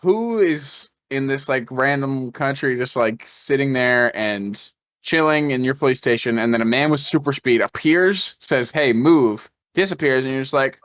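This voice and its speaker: A man's voice: mid-range voice, expressive, moderate pace, fairly bright tone, clean tone. A man co-hosting a podcast, chatting casually and often questioning plot details with a laugh. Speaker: podcast co-host. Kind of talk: casual movie discussion.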